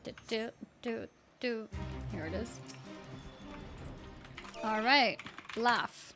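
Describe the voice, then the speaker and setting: Streamer, woman, fairly high voice, playful casual commentary over faint game music. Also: very slow. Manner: chatty, playful, reads game text aloud.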